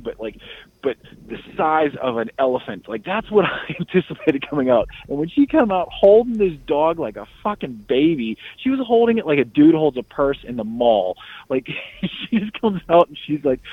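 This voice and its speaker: A man spins a casual story with lively swings in pitch and frequent laughter. His voice is tinny and narrow, as if through a phone line. The sound is dry and close. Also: dry recording. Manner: animated, profane, laughing storyteller.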